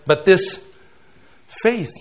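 A man in his sixties preaching a sermon, swinging between loud emphatic bursts and hushed asides. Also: extremely slow.

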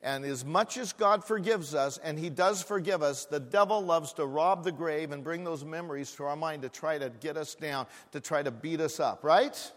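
A man's voice: on the high side, normal speed, few pauses. A man preaching a sermon as a pastor, repeating phrases with growing fervor. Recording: echoey hall with long reverb.

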